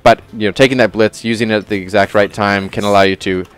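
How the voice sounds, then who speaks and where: A man with a low, smooth and resonant voice walks through a character's build on a game studio's livestream. He talks in a relaxed, chatty way, full of fillers and restarts as he explains his choices. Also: quick pace. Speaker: game developer showing a new character. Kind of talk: casual livestream gameplay talk. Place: studio at a game company, live stream.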